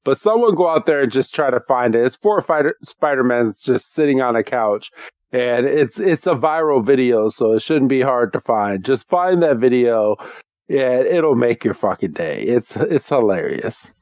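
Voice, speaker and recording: A man's voice: medium pitch, lively intonation, moderate pace, a little mellow, no room sound. A man co-hosting a podcast in casual chat, laughing often and talking with many fillers and restarts. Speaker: podcast co-host.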